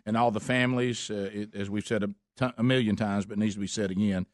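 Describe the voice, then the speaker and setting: Folksy talk radio host. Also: male voice, lowish voice, fairly even intonation, quick pace, no room sound, clean studio sound. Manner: easygoing, folksy, rambling with restarts. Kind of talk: casual talk radio chat.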